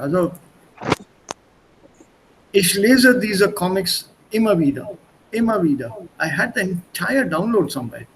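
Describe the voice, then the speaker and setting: A man's voice: sits high, animated, unhurried, pauses often, background noise. A man teaching an online language class over a video call, chatty, repeating words and switching between languages.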